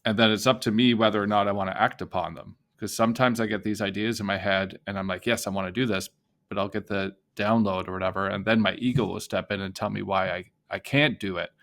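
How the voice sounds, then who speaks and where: Man, podcast host, reflective, low voice, gravelly edge. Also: fairly even intonation, fast, few pauses, fairly bright tone. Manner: reflective, thinking aloud. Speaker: podcast host and sober life coach. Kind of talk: casual podcast conversation.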